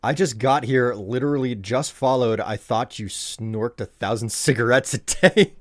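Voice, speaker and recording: A man's voice: mid-range voice, normal speed, few pauses, dry recording, clean studio sound. A man chatting casually to his live-stream chat while he plays, rambling and joking. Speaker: game streamer.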